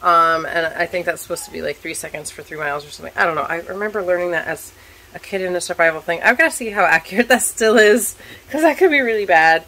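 Hoarse woman chatting in a vlog. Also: fairly low pitch, fast. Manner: chatty, animated storytelling. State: scratchy, hoarse throat. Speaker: vlogger, stay-at-home mom. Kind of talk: casual vlog chat. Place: home kitchen, cooking.

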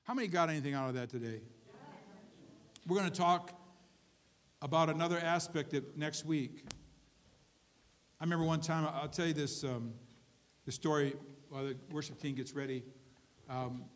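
A man's voice: fairly high pitch, normal speed, pauses often, slight background noise. A man preaching a sermon as pastor, telling a story in a conversational way with frequent asides to his congregation. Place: church service.

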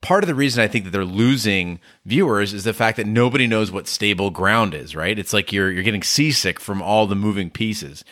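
A man co-hosting a podcast, talking quickly and emphatically in casual discussion. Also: lowish voice, lively intonation, a bit bright, dry recording, clean studio sound. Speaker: podcast co-host.

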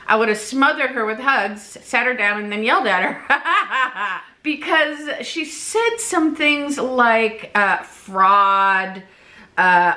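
A woman vlogger chatting casually to her camera, animated and talkative, often laughing. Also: a little high, slow. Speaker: weight-loss vlogger.

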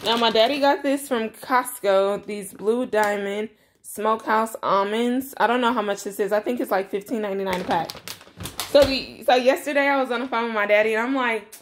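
A woman's voice: fairly high pitch, fairly quick, a little hiss or hum. Chatty young woman vlogging a grocery haul. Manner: chatty, talks straight to viewers as y'all, blunt and slangy. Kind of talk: casual grocery haul vlog. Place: home kitchen. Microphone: camera mic.

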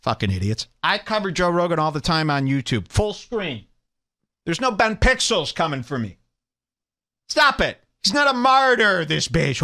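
A man's voice: a little high, very animated, moderate pace, sharp tone. A man hosting a podcast, ranting in a mocking, bombastic comedic way. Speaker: podcast host. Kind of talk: provocative comedic rant.

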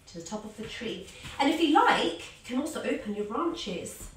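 A woman guides a children's yoga story in an animated, sing-song voice full of encouragement. Her voice is bright and clear. It rings in a very echoey room, picked up from some distance off the mic. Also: on the high side, fairly quick, slight background noise. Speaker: kids yoga teacher.

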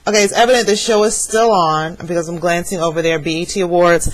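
A woman in her thirties vlogs casually from home, giving her camera a blunt, profane, gossipy rundown of an awards show. Her voice is on the low side, steady and quick. Audio is poor, captured through a webcam with a plugged-in microphone.

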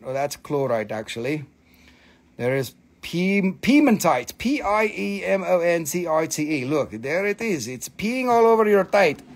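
A man hosting a live crystal sale, excitable and casual, swearing freely in broken grammar. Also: on the high side, a little slow. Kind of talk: casual live-stream selling.

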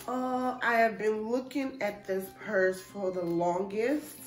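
A woman chatting excitedly in a casual vlog at home, gushing over an unboxing, a little stuffy from a cold; English is not her first language. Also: mid-range voice, takes it slowly, few pauses, faint music behind. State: slightly congested from a cold. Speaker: vlogger.

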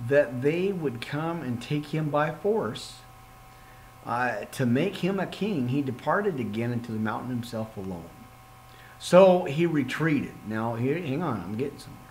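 Man, podcast preacher, slow unhurried reading, lively swooping pitch, jokey asides. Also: slight background noise, low-quality recording. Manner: excitable, jokey asides between scripture readings. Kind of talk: informal Bible study reading.

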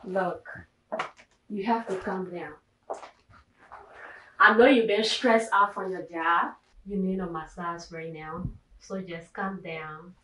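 A woman's voice: mid-range voice, expressive, unhurried, long pauses, a bit bright, roomy sound, slight background noise, poor audio. An actress with a Liberian English accent playing a confident mistress, coaxing and boasting to a married man.

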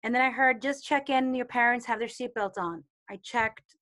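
A woman's voice: fairly high pitch, moderate pace, fairly bright tone. A woman coaching on intuition in a casual teaching talk, expressively acting out inner voices and quoted people. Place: online community replay session.

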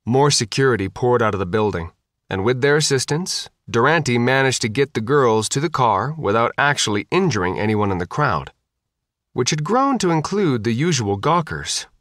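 Expressive male audiobook narrator. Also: medium pitch, normal speed, dry recording, studio quality.

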